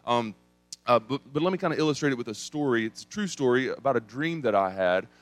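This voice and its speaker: A young adult man from East Tennessee with an East Tennessee accent, preaching a sermon and telling a story with big swings in pitch and volume. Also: lively intonation, fast talker, dry recording, faint music behind. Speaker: pastor.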